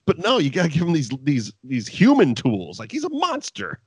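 A man's voice: a little high, wildly swooping pitch, normal speed, breathy edge, no room sound. A man co-hosting a podcast, recapping wrestling in casual, profane chat and laughing often. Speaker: podcast co-host.

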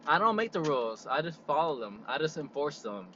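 A young man in a car, telling an exasperated, animated story as a casual vlog rant and leaning on "like" a lot. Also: fairly high pitch, moderate pace, muffled recording, a little hiss or hum. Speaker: vlogger.

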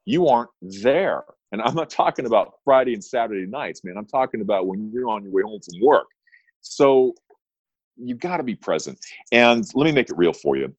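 Deep-voiced emphatic male attorney. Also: normal speed, no room sound, highs cut off. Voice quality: energetic, emphatic with repeated punchy phrases. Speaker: attorney and negotiation guest. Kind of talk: interview storytelling.

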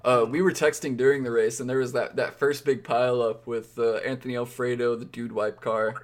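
A man's voice: medium pitch, little pitch movement, fairly quick. Rambling man on a casual sports podcast. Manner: rambling, self-correcting, wry. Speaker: podcast co-host.

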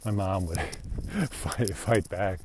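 Low-voiced rambling male podcaster. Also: takes it slowly, a little mellow, a little hiss or hum. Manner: rambling, reflective, self-deprecating. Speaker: podcast host. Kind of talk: casual monologue podcast.

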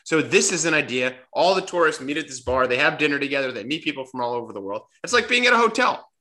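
A man with a bright, fairly high voice hosts a casual brainstorming chat. He jokes freely and restarts his sentences as he thinks aloud. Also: very animated, quick pace. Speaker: podcast host.

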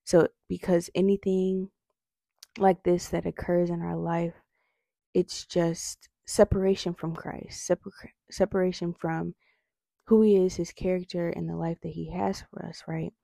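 A woman's voice: on the low side, level tone, unhurried, gravelly, mellow, no room sound. A young woman with retainers in her mouth giving an earnest devotional talk on prayer, often checking in with "right?". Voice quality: slight lisp from retainers. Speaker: faith vlogger.

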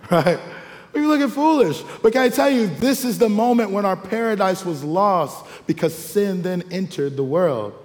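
A male pastor, preaching a lively sermon with call-and-response asides and acted-out quotes. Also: high voice, normal speed. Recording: long hall reverb.

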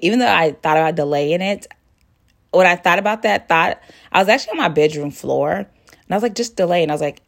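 A woman hosting a podcast, who talks straight to her listener in a warm, sisterly way and shares her feelings openly. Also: lowish voice. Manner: emotive, sisterly, addresses listener directly. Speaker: podcast host. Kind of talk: personal motivational monologue.

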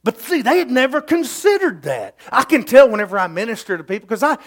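A man's voice: extremely high pitch, very animated, fast talker. A middle-aged man preaching a sermon in a folksy, emphatic storytelling way.

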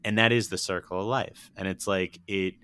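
A young man with a very low but bright, forceful voice talks about films in casual podcast chat. He rambles and gets emotional, swearing as he goes. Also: steady tone, normal speed, smooth. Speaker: podcast co-host.

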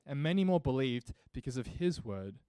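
A man preaching with a mellow, warm tone in a dry, close sound. He speaks earnestly and builds his points into emphatic rhetorical questions, like a pastor in the pulpit. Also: mid-range voice, sing-song, moderate pace, clear, resonant tone, no room sound. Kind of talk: sermon.

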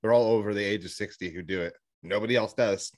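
A man's voice: lowish voice, quick pace, dry recording. A young man co-hosting a podcast and telling stories from his stand-up sets, in rambling, irreverent, crude banter. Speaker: podcast co-host and stand-up comic.

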